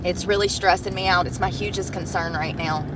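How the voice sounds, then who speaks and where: A woman's voice: fairly low pitch, steady tone, brisk, very noisy. A woman vlogger ranting angrily and swearing heavily while out in and around her car. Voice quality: heavy swearing, frustrated. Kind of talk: angry profane rant.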